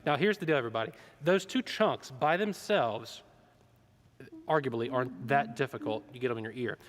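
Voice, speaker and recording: A man's voice: mid-range voice, big-room sound. A man leading a choir rehearsal, talking singers through their parts and counting them in, with a keyboard playing. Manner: upbeat, counts in and sings out vocal lines. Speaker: choir director.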